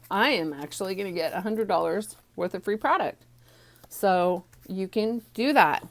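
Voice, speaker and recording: A woman teaching a stamping card class from home, chatty and rambling with many ums, a little out of breath, recorded on a phone on a small tripod. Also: mid-range voice. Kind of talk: casual craft tutorial.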